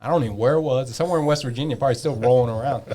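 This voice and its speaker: A man in his fifties telling a long story in a casual podcast chat, animated, swearing freely and acting out the dialogue. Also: medium pitch, very fast. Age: 50s. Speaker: podcast guest.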